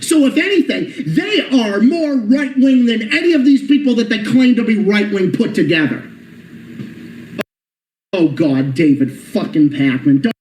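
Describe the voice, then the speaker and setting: High-voiced man in a cursing rant. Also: expressive, a little slow, a little mellow, echoey room, a little hiss or hum, low-quality recording. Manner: furious, cursing, insulting. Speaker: channel host. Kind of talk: profane political rant.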